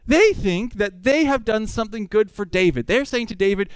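A male preacher delivering an expository sermon in an animated, conversational way, full of rhetorical questions. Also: high-pitched, moderate pace, few pauses, smooth, dry recording.

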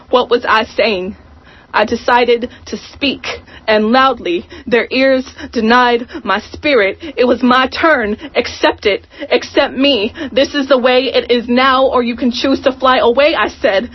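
A woman reading a poem aloud in a slow, deliberate, introspective way, heard over a muffled radio broadcast. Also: high voice, slightly rough, no room sound. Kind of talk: poetry reading.

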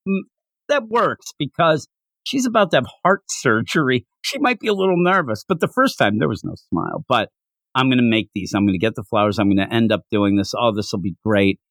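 A man co-hosting a casual podcast chat, animated, often slipping into high put-on voices to act out character lines. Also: brisk, no room sound, studio quality. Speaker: podcast co-host reviewing an anime.

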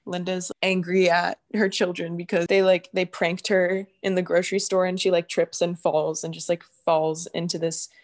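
A woman's voice: on the low side, level tone, moderate pace, hardly any pauses, a little mellow. A woman in casual chat, rambling as she tells stories. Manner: rambling, storytelling.

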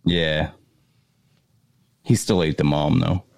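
A man from Maine telling lively, profanity-laced stories in casual chat. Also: very deep voice, takes it slowly, vocal fry. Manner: animated storyteller, swears freely, laughs often.

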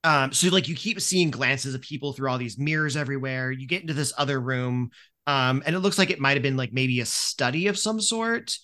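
A man's voice: mid-range voice, a little fast, bright, forceful tone. A man narrating as game master in a casual, rambling way, full of fillers.

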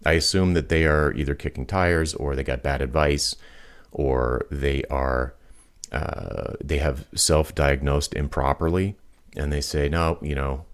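Man, extremely deep voice, podcast host, confident, explains with acted examples. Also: fairly even intonation, a little slow. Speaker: podcast host, pricing consultant. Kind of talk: casual advice talk.

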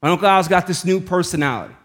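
A man preaching a sermon, telling a family story in a casual, conversational way and dropping his voice low and quiet when quoting people. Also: lively intonation, rapid-fire. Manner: conversational, casual slang, voice drops low and quiet for quoted lines. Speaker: pastor.

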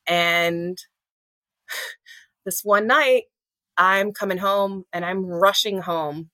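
A woman telling her own story in an interview, earnest and halting, often restarting and acting out what was said. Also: medium pitch, bright, forceful tone, dry recording. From Louisiana. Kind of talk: personal storytelling in a podcast interview.

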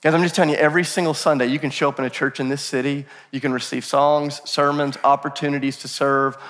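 A male pastor in his thirties preaching a sermon, telling stories in an animated way with self-deprecating humor. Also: a little high, fast. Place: church sanctuary. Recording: long church hall reverb.

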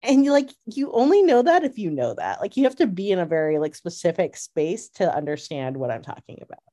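A woman in casual fan chat, an animated storyteller who laughs often and fills her talk with "like.". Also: lowish voice, brisk. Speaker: podcast co-host.

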